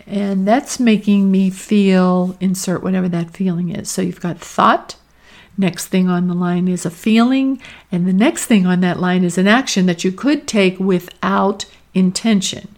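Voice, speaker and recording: Woman, podcast host, career coach, calm measured delivery, mid-range voice, voices inner thoughts in quotes. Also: medium pitch. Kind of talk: reflective coaching talk.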